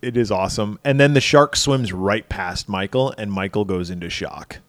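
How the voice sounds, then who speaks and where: A man's voice: lowish voice, normal speed, dry recording. A man co-hosting a podcast, swearing freely as he retells a movie scene by scene and acts out the characters. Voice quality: profane, animated retelling with character voices. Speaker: podcast co-host. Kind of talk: casual film chat.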